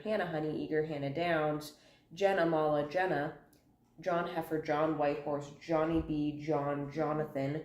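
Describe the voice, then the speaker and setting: A low-pitched woman talks to the camera in a casual video essay, quick and chatty, rattling through lists with the odd "um". She is sick and has a cough drop in her mouth. The room around her rings with echo. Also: a little mellow. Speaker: book commentary vlogger. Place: indoor room at home. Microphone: camera in front of her. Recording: echoey room.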